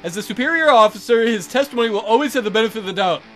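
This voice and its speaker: A man's voice: high-pitched, lively intonation, racing, faint music behind. A man reading a text adventure aloud, voicing a blunt but sympathetic senior naval officer in a firm, emphatic manner.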